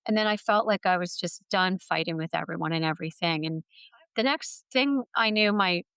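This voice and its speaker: A middle-aged woman speaking as an interview guest, retelling her own story in an earnest, heartfelt manner. Her voice is smooth and resonant. The sound is close and dry. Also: fairly low pitch, moderate pace, a bit bright, no room sound. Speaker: guest author.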